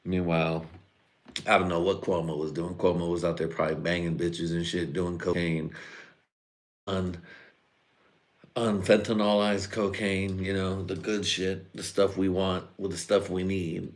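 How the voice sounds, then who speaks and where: Profane rambling comedian with a very deep voice. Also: male voice, little pitch movement, measured pace. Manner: profane, rambling, breaks into mock voices and laughs. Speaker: comedian host of a live stream. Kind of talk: rambling live-stream comedy monologue.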